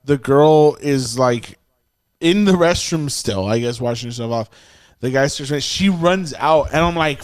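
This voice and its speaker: A medium-pitched male podcast host relates an anecdote in a casual, profane manner, bringing its people to life by acting them out with animation. The recording is dry and clean, as if from a studio.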